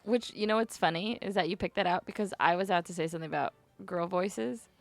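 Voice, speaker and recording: A woman chatting to herself while she plays a video game, rambling and giggly, her voice climbing high when she gets nervous. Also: fast talker, vocal fry, dry recording, faint music behind. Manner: rambling self-talk, giggly. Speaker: streamer. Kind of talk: casual gameplay commentary.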